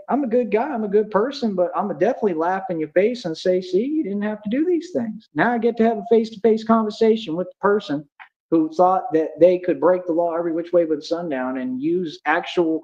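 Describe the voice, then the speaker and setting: A man's voice: high-pitched, a little fast, darkish tone, highs cut off. A man hosting a livestream, ranting in an agitated, accusatory and taunting way. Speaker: livestream host.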